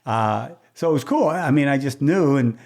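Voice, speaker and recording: An older man, appearing as a guest race announcer, tells stories from his career in a chatty, casual conversation, acting out what people said. His medium-pitched voice moves at a moderate pace, with restarts and some throat clearing.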